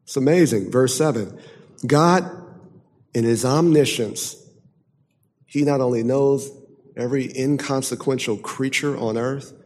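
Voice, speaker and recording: Slow, emphatic preaching man in a reverberant hall. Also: medium pitch. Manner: emphatic, swinging from loud declaiming to hushed intensity. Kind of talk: sermon.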